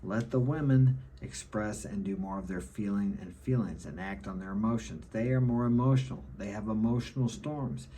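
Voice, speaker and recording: A man's voice: fairly low pitch, moderate pace, hardly any pauses, dark tone, a little hiss or hum. A middle-aged man giving an opinionated monologue to camera, lecturing and often ending his points with a checking "okay?". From United States. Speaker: self-help vlogger.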